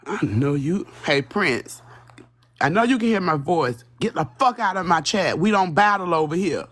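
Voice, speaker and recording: Husky, rambling woman chatting on a live stream. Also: on the low side, expressive, normal speed, a bit bright. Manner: profane, rambling, talks straight to her chat. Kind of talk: casual live-stream chat with viewers.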